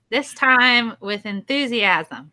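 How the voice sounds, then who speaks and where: A woman's voice: fairly high pitch, animated, extremely slow, bright, forceful tone. A woman guest on a livestream panel, chatting casually and teasing playfully. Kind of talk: casual chat.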